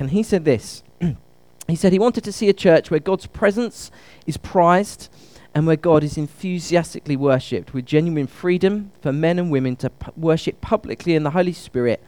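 A man gives a conversational sermon, often turning questions back to the congregation. His voice sits fairly high for a man. The sound is dry and close, with little room echo. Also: a little mellow. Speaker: preacher. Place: church service.

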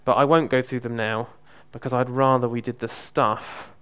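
A man preaching in an easy, conversational tone. His voice sits at an ordinary middle pitch, and he often pauses with "um" and backs up mid-phrase as he tells his story. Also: clear, resonant tone. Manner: relaxed, hesitant, frequent ums and restarts. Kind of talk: conversational sermon with personal testimony.

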